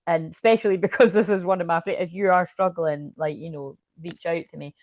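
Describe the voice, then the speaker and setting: In a casual tarot reading, a woman acting as a psychic medium rambles in a lowish, steady voice that's brisk and a little mellow. She breaks off mid-sentence, laughs often, and hiccups, keeping things chatty. There's no room sound.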